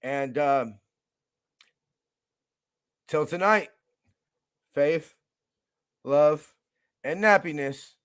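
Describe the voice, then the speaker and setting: A man's voice: fairly high pitch, very slow, pauses often, a bit bright, smooth. Profane, hyped-up fan radio host, man. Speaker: podcast host. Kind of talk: casual fan radio monologue.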